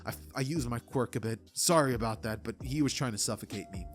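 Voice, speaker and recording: A man's voice: mid-range voice, fast talker, soft background music, natural voice. A man voicing a timid, nerdy teenage boy who stammers and apologizes eagerly. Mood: earnest. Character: timid nerdy teen boy with hidden power.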